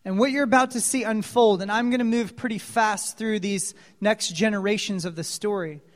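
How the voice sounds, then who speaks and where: In a high voice at a moderate pace, a male preacher narrates a dramatic sermon story. Hushed asides give way to loud exclamations, he questions his listeners, and the hall adds a long reverb.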